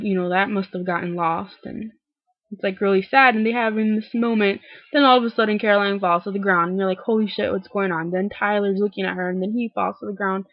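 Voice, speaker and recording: A young woman talks through a TV episode in a loose, gushing ramble, peppering every line with "like" and slipping into quick impressions of the characters. She sits close to a cheap built-in mic, so her voice comes across dry and a little muffled. Her pitch is middling for a woman. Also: no room sound. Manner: gushing, heavy use of "like", acts out characters' lines. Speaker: TV recap vlogger. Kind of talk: casual chatty recap. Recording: dry dull lo-fi webcam audio.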